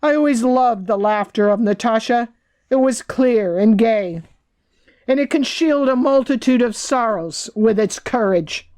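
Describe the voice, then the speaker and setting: A woman narrates her own book as an audiobook. Her reading is measured and reflective. Her voice sits a little high. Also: a little mellow.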